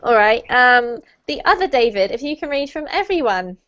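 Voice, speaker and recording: A woman's voice: fairly high pitch, very animated, moderate pace, fairly bright tone. A woman teaching an online English lesson, encouraging and patient, laughing often as she explains. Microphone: video call. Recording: muffled online call audio.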